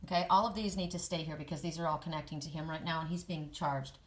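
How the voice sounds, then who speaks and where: A woman's voice: deep voice, fairly even intonation, fast. A woman giving a spiritual oracle card reading, speaking in an earnest, soothing way with affirmations.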